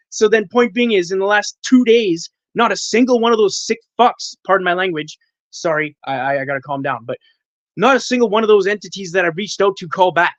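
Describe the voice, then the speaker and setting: A man's voice: high voice, a little fast, few pauses, a bit bright, dry recording. A man from Canada calling into a livestream panel, venting in an agitated, profane way. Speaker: caller, panel guest. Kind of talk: livestream call-in chat. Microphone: video call.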